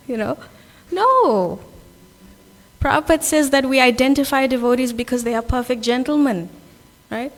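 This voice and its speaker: A South African woman with a high-pitched, steady voice gives an earnest, conversational sermon at a Sunday temple gathering, speaking at normal speed. She often checks in with "right?". The temple hall adds a long reverb.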